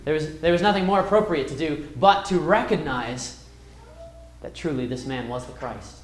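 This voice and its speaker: A man's voice: fairly high pitch, expressive, normal speed, slight background noise. Man teaching a Bible class, echoey room. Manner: reads verses aloud and retells the story with wide swings in loudness.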